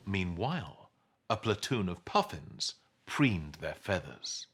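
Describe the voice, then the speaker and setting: Animated man reading a picture book. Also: slow pace, noisy background. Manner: highly animated, with big swings into sound effects. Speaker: storybook reader.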